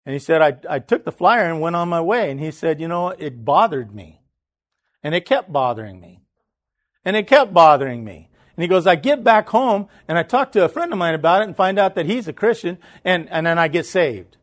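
High-voiced man preaching a story. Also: fairly quick, few pauses. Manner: animated storytelling, frequent restarts and repeated words. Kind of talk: sermon storytelling.

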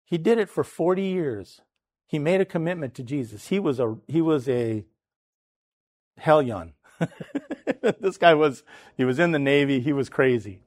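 High-voiced man preaching a story. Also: normal speed, long pauses. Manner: animated storytelling, frequent restarts and repeated words. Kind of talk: sermon storytelling.

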